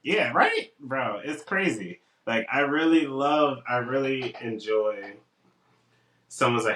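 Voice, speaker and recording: A man's voice: mid-range voice, measured pace, echoey room, far from the mic, poor audio. A young man co-hosting a casual podcast, telling stories and acting out what people said to him. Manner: animated storytelling, acts out quotes. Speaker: podcast co-host.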